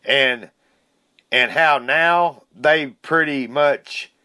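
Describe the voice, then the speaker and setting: A man's voice: mid-range voice, extremely slow, bright, forceful tone, clean tone, dry recording, clean studio sound. A man hosting his own podcast, ranting indignantly in a casual monologue and cursing as he goes. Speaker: podcast host.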